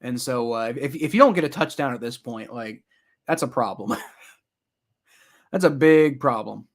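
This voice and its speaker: A young man giving casual live play-by-play reaction to a football game, rambling with many fillers and getting loud and exasperated at times. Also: medium pitch, unhurried. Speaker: sports reaction streamer.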